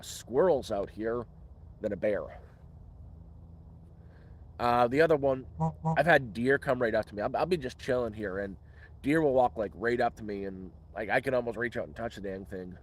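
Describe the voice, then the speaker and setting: A man hosting a casual live question-and-answer stream outdoors in the woods, rambling and restarting words. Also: mid-range voice. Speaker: livestream host.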